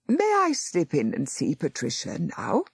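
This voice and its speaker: A woman's voice: deep voice, wildly swooping pitch, unhurried, creaky, slightly rough, dry recording, clean studio sound, heavily acted. A woman voicing a determined, indignant old lady who speaks in a prim, proper way.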